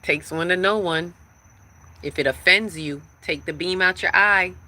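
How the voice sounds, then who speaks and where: Brief: woman spiritual teacher on a live stream, forceful bright voice, preachy and emphatic. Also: fairly low pitch, measured pace.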